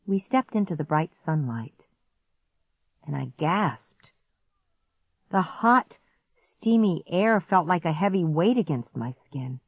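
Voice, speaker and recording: A woman narrating a children's story in the first person, slow and expressive. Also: low voice, no echo. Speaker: audiobook narrator. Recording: dry, slightly muffled audiobook recording.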